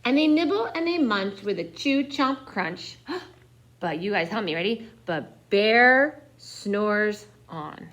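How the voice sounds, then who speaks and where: A young woman reads a children's picture book aloud at an unhurried pace, her voice sitting a little high. She is expressive, dropping into hushed whispers and rising again as the story moves. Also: highs cut off.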